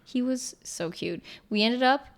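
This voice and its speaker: A woman's voice: a little high, a little slow. A woman co-hosting a podcast in playful, teasing casual chat. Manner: playful, teasing, gets giggly. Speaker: podcast co-host.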